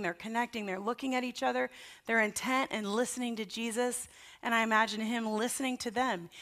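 A woman pastor in her thirties delivers a relaxed, conversational sermon with a bright, clear tone. She tells stories as she goes and keeps things loose with everyday fillers. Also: on the high side. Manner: warm anecdotal storytelling with casual fillers.

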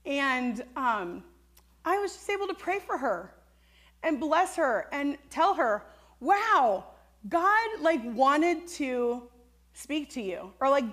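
A woman preacher, around middle age, telling a personal story in her sermon in an earnest, conversational way, with a lot of casual fillers. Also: fairly high pitch.

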